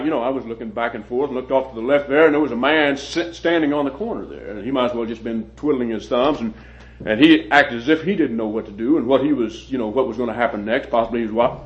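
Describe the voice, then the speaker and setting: Halting male preacher on lo-fi tape. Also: medium pitch. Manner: halting, repeats words, many fillers. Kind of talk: sermon with a personal story. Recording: dull lo-fi recording.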